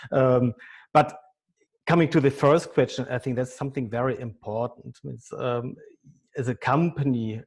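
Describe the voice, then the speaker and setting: A man in his fifties with a German accent, a business consultant answering interview questions haltingly, often repeating words. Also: medium pitch, fairly even intonation. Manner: halting, repeats words, non-native phrasing. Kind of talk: podcast interview.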